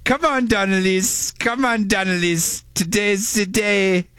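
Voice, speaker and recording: A man doing an exaggerated mock German accent as a man ordering spicy wings, slow and drawn out. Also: high-pitched, steady tone, a bit bright, clear, resonant tone, no room sound, clean studio sound, voice pushed up. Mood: hammy. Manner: slow, drawn-out, sing-song.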